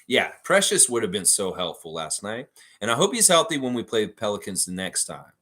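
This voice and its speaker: Animated low-voiced man reacting to basketball. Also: brisk. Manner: chatty, reads viewer comments aloud and answers them. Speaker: livestream host reading fan comments. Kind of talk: casual sports reaction livestream.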